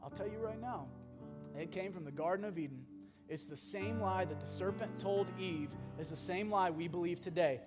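High-voiced animated preacher in a reverberant hall. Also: male voice, normal speed. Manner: animated, swings from loud to hushed. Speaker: pastor. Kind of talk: sermon. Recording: long hall reverb with music behind.

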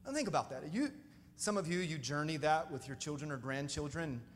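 A man with a notably high voice preaches a storytelling sermon, animated and often calling out to his congregation. His voice rings through a church hall with a long echo. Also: brisk, slight background noise. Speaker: pastor.

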